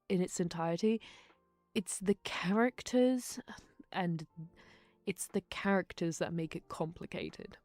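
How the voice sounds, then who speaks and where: A young woman streamer talks in a loose, rambling way, cutting her sentences short and laughing often. Her voice sits a little low, recorded very dry and up close, with faint music playing behind. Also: unhurried, a little mellow, no room sound. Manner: chatty, laughs often, trails off mid-sentence. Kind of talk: casual rambling chat on a stream.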